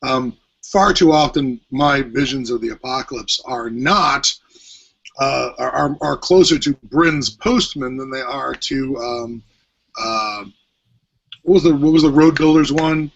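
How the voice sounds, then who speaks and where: A man co-hosts a casual podcast discussion, rambling hesitantly with lots of fillers in a medium-pitched, fairly bright voice marked by vocal fry and a measured pace. He records at home on headphones with a mic, and the audio is dull and lo-fi.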